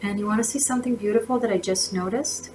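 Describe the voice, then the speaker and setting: A woman's voice: medium pitch, quick pace, noisy background. A woman giving a casual tarot reading, effusive and emotional, often restarting her words. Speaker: tarot reader.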